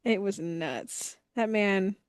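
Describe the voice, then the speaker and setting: A woman's voice: mid-range voice, slow pace, clear, resonant tone, no room sound, studio quality. A woman co-hosting a casual podcast chat, ranting bluntly and in exasperation, with swearing. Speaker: podcast co-host.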